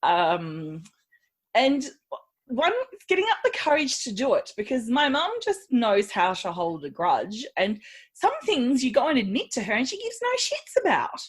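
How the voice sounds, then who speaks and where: A woman's voice: on the high side, sing-song, measured pace, husky. A woman co-hosting a podcast, chatting casually, laughing often and slipping into silly voices. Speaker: podcast co-host. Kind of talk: casual chat.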